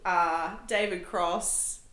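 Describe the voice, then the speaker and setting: A woman's voice: fairly low pitch, extremely slow, roomy sound. A woman hosting a casual podcast chat, laughing often and telling stories with energy. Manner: chatty, laughs often, animated retelling. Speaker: podcast host.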